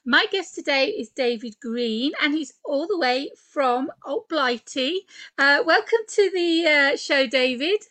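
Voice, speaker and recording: An animated woman hosts a podcast interview in a fairly high voice. She chats freely and laughs often. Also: measured pace. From England. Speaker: podcast host. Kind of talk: casual interview chat.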